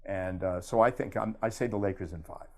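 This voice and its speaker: Older man from Miami, low-pitched, animated anecdote-teller who slips into quick impressions. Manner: animated storyteller, does impressions. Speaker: guest, sports broadcaster. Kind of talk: casual storytelling interview.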